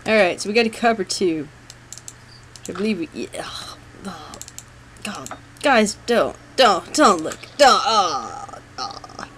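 A let's play host commentating a horror game, jumpy and nervous, groaning and gasping and coaxing the character to calm down. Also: mid-range voice, a little slow, a little hiss or hum, rough recording.

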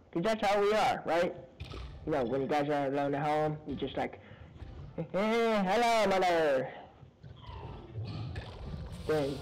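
A man giving rambling, goofy let's-play commentary on a low-quality mic, now and then breaking into excited high-pitched yelps. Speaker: gaming commentator. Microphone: low-quality microphone.

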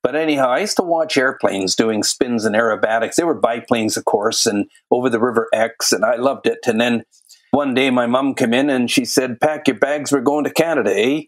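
A man's voice: mid-range voice, normal speed. A man from England, a guest pilot telling his own story in a podcast interview. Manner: conversational storytelling.

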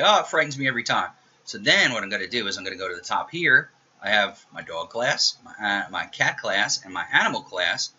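Bright-toned casual male programming teacher. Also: mid-range voice, sing-song, fairly quick, husky. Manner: casual, joking, talks while typing. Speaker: programming instructor. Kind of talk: recorded screencast lecture. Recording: dull lo-fi audio.

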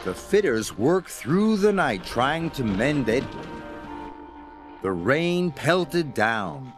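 Slow, expressive male storyteller. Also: medium pitch. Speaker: storybook narrator. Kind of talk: children's story read-aloud. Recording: music playing behind.

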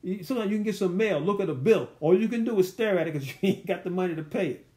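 A man with a high-pitched voice takes his listeners verse by verse through a Bible study. He talks in a loose, colloquial way and keeps putting rhetorical questions to them. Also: fast, warm tone. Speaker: Bible teacher.

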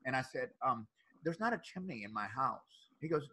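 A man in his fifties telling stories as a podcast guest, energetic, often laughing and repeating his words. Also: mid-range voice, a little fast, slightly rough, rough recording. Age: 50s. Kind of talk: animated storytelling.

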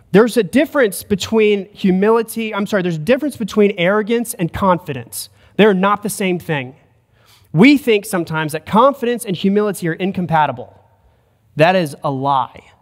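A male pastor preaches with an earnest, emphatic delivery, his voice sitting a little higher than most men's. The sound rings with a long reverb, as in a church hall. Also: expressive, moderate pace. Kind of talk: sermon. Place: church sanctuary.

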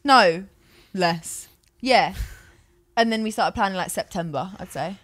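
A woman's voice: mid-range voice, unhurried. A young woman on a podcast, chatting casually and acting out the lines of people in her stories. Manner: animated storyteller, acts out quoted lines. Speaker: podcast guest. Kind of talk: casual chat.

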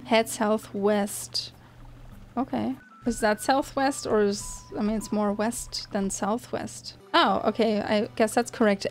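A woman's voice: on the high side, steady tone, measured pace, darkish tone, soft background music. A young woman hosting a gaming channel, giving chatty, amused commentary as she plays. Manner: chatty, amused asides with laughs. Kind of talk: casual gameplay commentary.

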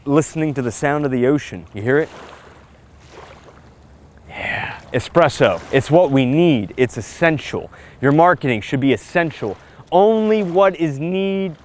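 A man talking straight to camera on a beach in a punchy, emphatic vlog style, pitching marketing advice in short, hyped lines. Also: expressive, normal speed, slight background noise. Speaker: marketing vlogger. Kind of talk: casual vlog talk to camera. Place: outdoors on a beach.

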